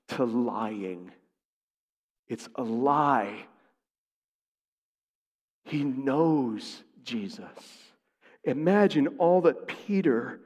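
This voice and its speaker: A man preaching a sermon, who acts out the lines he quotes with big swings in pitch and volume. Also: darkish tone, big-room sound.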